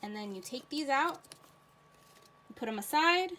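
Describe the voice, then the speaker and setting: A woman teacher reading a rhyming picture book aloud to children, then explaining a card game in a clear, patient way. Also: sits high, expressive, normal speed, sharp tone, slight background noise, low-quality recording.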